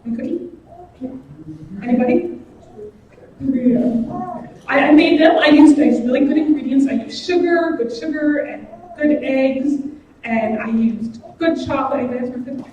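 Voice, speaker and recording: A woman's voice: sits high, darkish tone, highs cut off. A woman giving a guest sermon in a church, speaking in an earnest, personal way. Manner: earnest and personal, slow and deliberate. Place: church sanctuary. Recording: echoey hall from far off, faint noise.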